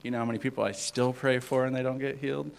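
A man giving an informal sermon as a youth pastor, rambling with many fillers and swinging between loud and hushed. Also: medium pitch, little pitch movement, fast, vocal fry, low-quality recording.

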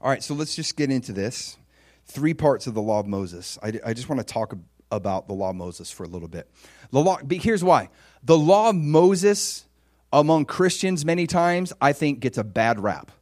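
Animated male preacher with hushed asides. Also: a little high. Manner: animated, swings from loud exclamations to hushed near-whispers; conversational, acts out quoted voices. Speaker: pastor. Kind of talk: sermon.

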